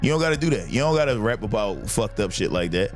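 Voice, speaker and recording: A man hosting a podcast, chatting casually and telling stories in a profane, animated way. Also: on the low side, fast talker, soft background music. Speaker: podcast host, comedian. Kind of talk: casual chat.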